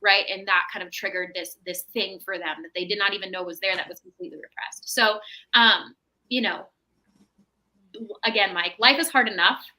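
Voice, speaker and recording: A woman's voice: mid-range voice, fairly even intonation, normal speed, bright, forceful tone, poor audio. A woman, a mental health professional appearing as a podcast guest, talking in a reflective, explanatory way and often checking in with "right?". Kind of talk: casual podcast chat.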